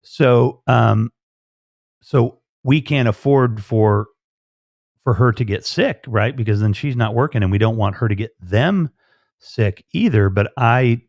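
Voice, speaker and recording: A man's voice: mid-range voice, measured pace, darkish tone, dry recording. A man hosting a live stream, chatting casually and rambling with lots of fillers and restarts. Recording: dull lo-fi stream audio.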